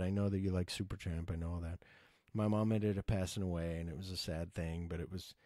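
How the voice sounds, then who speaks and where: A middle-aged man hosting his podcast wanders through a lengthy personal story, his deep voice relaxed as he swears casually and uses lots of fillers. The sound is dry and close, without any room sound.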